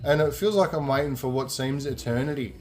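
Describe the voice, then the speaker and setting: A man's voice: medium pitch, a little fast. A young man hosting a podcast, telling a festival story casually, acting out the voices and swearing freely. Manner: animated, acts out quoted voices, swears freely. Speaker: podcast host.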